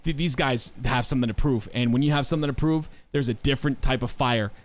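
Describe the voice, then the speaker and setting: A man co-hosting a podcast, talking in an animated, assertive way with folksy sayings and repeated emphasis. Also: medium pitch, fast talker. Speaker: podcast co-host. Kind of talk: casual podcast discussion.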